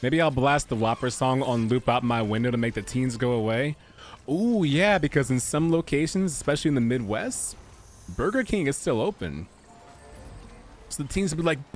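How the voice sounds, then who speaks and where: Jokey animated male game streamer. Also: mid-range voice, moderate pace. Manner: jokey, rambling, goofy asides and put-on voices. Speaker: streamer playing a video game. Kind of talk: casual gameplay commentary.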